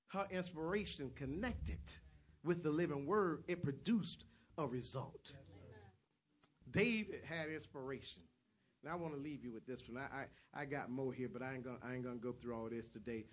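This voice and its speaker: A man preaching a sermon, retelling Bible stories in acted voices and rising to loud shouts. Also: mid-range voice, normal speed. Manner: storytelling preacher who acts out the voices of Bible figures, builds to shouts.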